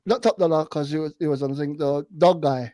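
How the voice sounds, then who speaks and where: A man's voice: fairly high pitch, quick pace, dark tone, no echo. A man co-hosting a podcast in casual chat, bantering with a laugh and acting out what he said to others. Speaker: podcast co-host.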